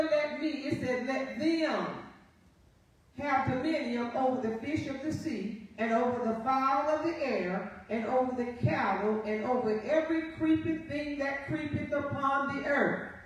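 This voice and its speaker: A woman's voice: high-pitched, far from the mic. A woman pastor preaching a sermon, reading scripture aloud and often asking the congregation "Amen?". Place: church sanctuary. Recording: very echoey live church feed from afar.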